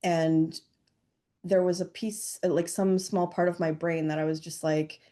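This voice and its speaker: A woman's voice: fairly low pitch, little pitch movement, measured pace, dark tone. A woman in her thirties, a podcast guest, chatting casually with many fillers. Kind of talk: casual chat.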